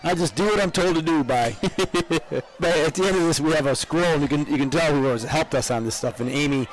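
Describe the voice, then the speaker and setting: A man's voice: a little high, brisk, faint music behind, poor audio. Chatty older man co-hosting a parade. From upstate New York. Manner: chatty, rambling, laughs often. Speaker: parade co-host. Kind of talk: live parade commentary. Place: outdoors at a street parade.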